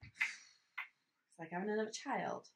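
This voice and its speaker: A woman's voice: medium pitch, takes it slowly, very noisy. A young woman co-hosting a casual podcast from home, teasing and sounding exasperated as she talks. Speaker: podcast co-host. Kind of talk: casual chat. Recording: roomy home recording.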